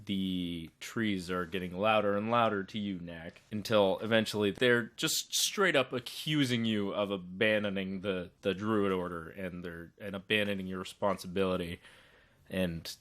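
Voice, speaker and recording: A man with a somewhat low voice guides the players as game master. He paints each scene loosely, piling on hedges and fillers as he goes. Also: moderate pace, a bit bright. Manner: loose, descriptive scene-setting with hedging fillers. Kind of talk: narrating a tabletop game.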